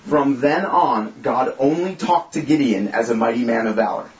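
A man's voice: mid-range voice, normal speed. Guy preaching to a small group, chatty and jokey but earnest, roomy echo, kinda dull audio. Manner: casual, joking, earnest preaching. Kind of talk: informal sermon and prayer. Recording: echoey room, slightly dull sound.

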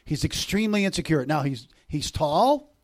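A middle-aged man gives a sermon as a visiting preacher, his voice a little high and his speed normal. He's energetic, veering between loud and softly intimate passages, and adds jokes as asides to the congregation.

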